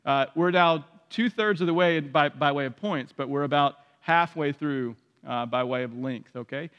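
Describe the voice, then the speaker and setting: High-voiced preacher in an echoing hall. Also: male voice, moderate pace, clean tone, lo-fi sound. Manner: emphatic, repeats key phrases, rising to loud peaks. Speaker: pastor. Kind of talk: sermon. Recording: long hall reverb.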